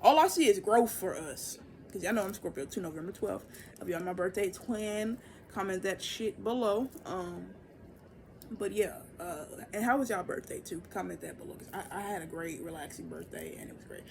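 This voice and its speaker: A young woman giving a casual, profane oracle reading, loose and chatty, jumping into excited high bursts. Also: normal speed, creaky, a little hiss or hum. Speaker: tarot and oracle reader.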